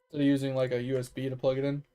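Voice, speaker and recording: A man's voice: medium pitch, monotone, racing, warm tone, clear, resonant tone. A man streaming games, ranting casually and profanely to his chat. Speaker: game streamer.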